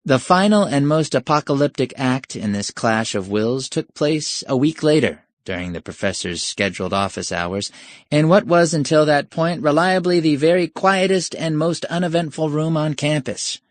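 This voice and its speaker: A man's voice: fairly high pitch, animated, normal speed, no room sound. A man reading an urban fantasy short story aloud in a wry, sardonic storytelling style. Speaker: audiobook narrator. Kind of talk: scripted narration.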